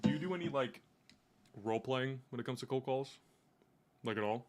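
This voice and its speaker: A young man talks shop with a coworker at a middling pitch, swearing freely and hammering his points home with blunt examples. His talk is loose and conversational, full of restarts. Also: fairly quick, slight background noise. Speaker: sales rep. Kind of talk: casual chat.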